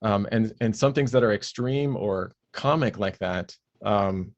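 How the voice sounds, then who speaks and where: A man who narrates audiobooks, speaking as a guest in a relaxed interview, explaining his craft at length with fillers and restarts. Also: on the low side, unhurried, muffled recording.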